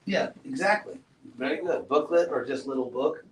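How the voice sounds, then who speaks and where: A man giving a relaxed classroom talk, asking his students questions and adding playful asides. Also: on the high side, moderate pace. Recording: roomy echo, far from mic, faint noise.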